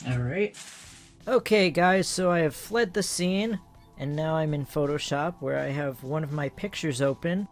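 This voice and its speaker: A man hosting a casual art tutorial, joking and talking to himself as he works. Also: fairly high pitch. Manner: playful, self-amused, talks to himself while working.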